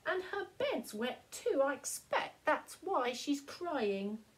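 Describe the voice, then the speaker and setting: Alfie, a woman doing a gentle little boy. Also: high-pitched, sing-song, takes it slowly, voice pushed up, full character voice. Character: small gentle boy, kind to his baby sister.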